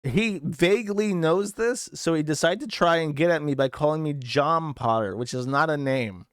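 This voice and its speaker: A man's voice: a little high, normal speed, no room sound, clean studio sound. Crude, sarcastic male commentary host. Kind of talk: mocking commentary on clips.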